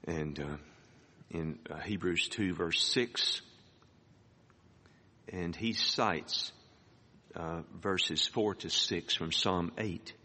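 Pastor guy preaching slow, kinda low voice, lots of hall echo, jumps up high on the big words. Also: pushed and bright. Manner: reads scripture aloud, rising high on emphatic words. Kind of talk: sermon. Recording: hall reverb.

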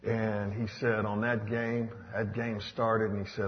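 Animated preacher in a hall. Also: male voice, mid-range voice, normal speed, few pauses, a little hiss or hum. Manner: animated preaching, swings from loud to hushed. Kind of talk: sermon. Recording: dull echoey hall recording.

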